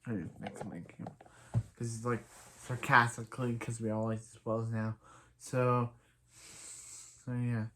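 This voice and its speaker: A man's voice: mid-range voice, level tone, unhurried, long pauses, fairly bright tone, slight background noise. A man reviewing a TV episode in a casual recap, rambling through scenes and retelling them with lots of filler. He quotes the characters in his own everyday voice. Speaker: TV show reviewer.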